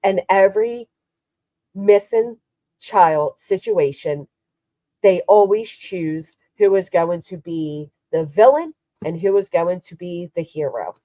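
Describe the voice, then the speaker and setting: Woman streamer-host, dark low voice, measured and blunt, dry close sound. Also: no echo. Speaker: livestream host. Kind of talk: casual livestream chat.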